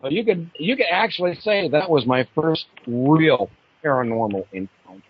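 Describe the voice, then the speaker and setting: A man with a lively, swooping voice, spinning animated yarns on an internet radio show. His voice is a little husky and sits on the high side. The audio is dull and lo-fi. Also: normal speed. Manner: animated storyteller, acts out voices in his stories.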